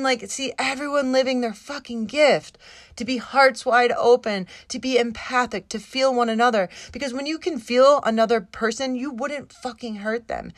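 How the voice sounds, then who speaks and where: A woman's voice: fairly high pitch, a bit bright, dry recording. A woman hosting a solo podcast, talking in an impassioned, rambling way, swearing constantly and at times close to tears. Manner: emotional, near tears at times. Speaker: podcast host. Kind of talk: casual solo podcast monologue.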